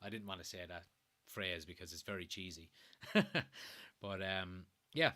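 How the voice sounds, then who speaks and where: A young Irish man from Kilkenny hosts a live stream and talks through viewer comments in loose, easygoing chat. His voice is bright and forward. He drops the odd curse and laughs easily between points. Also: low-pitched, fairly even intonation, normal speed. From Ireland. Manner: chatty, swears casually, laughs easily. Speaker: host of a fan live stream.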